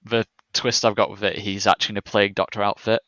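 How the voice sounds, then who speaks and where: A man, a guest artist, talking in casual chat with a steady, even baritone. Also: quick pace, no room sound, highs cut off. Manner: self-described one-tone baritone, steady, thoughtful.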